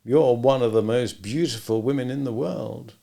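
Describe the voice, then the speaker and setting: A man's voice: medium pitch, normal speed, gravelly, mellow, natural voice. A man voicing a confident, sarcastic male spy with a cool, bantering manner.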